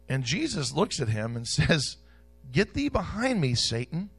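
A man preaching a sermon in a church, repeating key phrases and swinging between loud declarations and soft asides. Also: on the high side, very animated, moderate pace, slightly rough.

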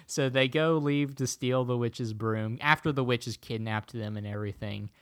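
A man from Tennessee casually retelling a movie plot to a friend, rambling with fillers and quick quoted voices. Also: medium pitch, a bit bright, no echo, clean studio sound. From Chattanooga, Tennessee.

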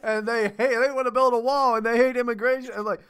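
A man's voice: very high-pitched, flat delivery, fast talker, fairly bright tone, clean tone. Rambling, laughing male podcast co-host. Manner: rambling, profane, laughs often. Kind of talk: casual podcast chat.

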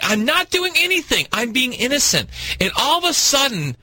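A man hosting a radio talk show, telling a comic story with animated, exaggerated cries of alarm. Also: extremely high pitch, moderate pace, dry recording. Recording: radio studio mic.

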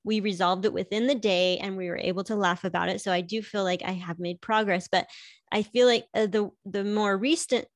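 A woman's voice: medium pitch, fairly even intonation, a little fast, no echo, studio quality. A middle-aged woman chatting casually about her marriage, laughing often and filling her talk with "like". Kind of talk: casual personal chat.

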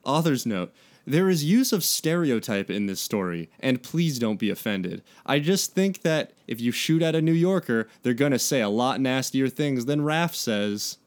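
A man's voice: medium pitch, expressive, normal speed. A man in his late twenties reading a story aloud for laughs on a comedy podcast. His voice rises and falls a lot, and he breaks into laughter as he jokes along. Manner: joking, laughing often. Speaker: podcast co-host reading fan fiction. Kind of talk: comic reading and banter.

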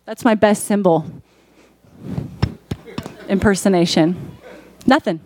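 A woman's voice: medium pitch, takes it slowly, darkish tone, slight background noise. A woman pastor preaching a sermon in a conversational way that rises to emphatic peaks.

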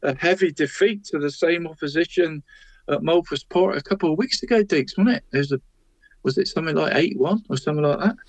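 A man's voice: on the high side, fairly quick, dry recording. A man co-hosting a local football show, chatting through weekend results and calling his co-host "mate" at every turn. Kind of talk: casual results round-up. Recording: dry, dull lo-fi sound.

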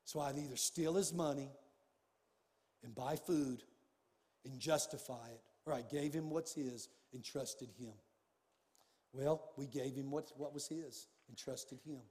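A man preaching a sermon as a pastor, telling a personal story with animated swings from hushed tones to shouting. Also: medium pitch, unhurried, long reverb tail.

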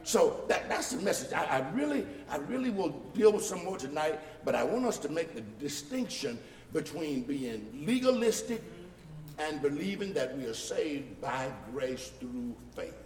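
A male pastor preaching a sermon, building from quiet explaining to loud shouted points and mocking the voices of critics. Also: fairly high pitch, big pitch swings, normal speed. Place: church sanctuary. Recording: echoey hall from far off.

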